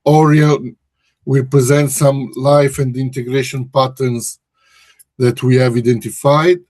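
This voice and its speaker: A man's voice: medium pitch, flat delivery, unhurried, darkish tone, no echo. A man hosting a research webinar, speaking hesitantly and often correcting himself. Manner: hesitant, frequent restarts and self-corrections. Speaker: webinar host and research director. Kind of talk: presenting a webinar. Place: office in Brussels.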